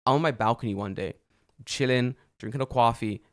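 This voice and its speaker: Man, podcast co-host, casual chat, animated storyteller, swears a lot. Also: medium pitch, brisk.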